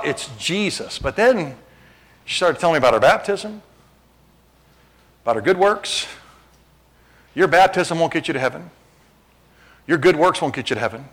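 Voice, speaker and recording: A man's voice: a little high, a bit bright, rough recording. A male pastor preaching a sermon, shifting between casual asides to the congregation and emphatic, rising exhortation.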